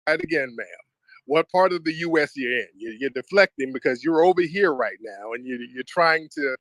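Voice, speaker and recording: A man's voice: mid-range voice, lively intonation, moderate pace, a bit bright, no room sound, poor audio. A man hosting an online audio show, roasting a caller in a mock-formal way and calling her ma'am.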